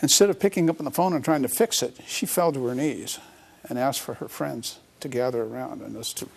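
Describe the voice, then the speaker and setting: A man's voice: mid-range voice, brisk, vocal fry, a little mellow. A middle-aged man, an interview guest, telling a personal story in an earnest, reflective way.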